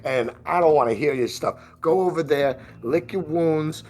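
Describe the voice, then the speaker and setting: A man's voice: a little high, normal speed, a little mellow, lightly acted. A man voicing a tall, ugly, short-tempered male vampire brute who swears and scolds. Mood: scolding.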